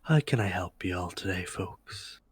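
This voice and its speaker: A man's voice: sits low, expressive, measured pace, slightly rough, dry recording, exaggerated voice. A man voicing an old, genial male elephant-kin clothes merchant with a Northern Irish accent. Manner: genial, courteous shopkeeper.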